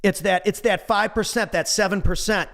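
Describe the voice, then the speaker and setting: Casting: man in his 40s, high-pitched, loose motivational talker with a goofy streak. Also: normal speed, creaky. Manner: animated, goofy, swears casually. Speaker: motivational speaker. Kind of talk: motivational monologue.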